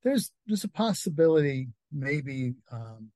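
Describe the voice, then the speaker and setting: A man's voice: on the high side, big pitch swings, unhurried, darkish tone, dry recording. A middle-aged man with a Northeastern US accent, a guest author chatting casually in an interview, with many fillers and easy laughs. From Connecticut.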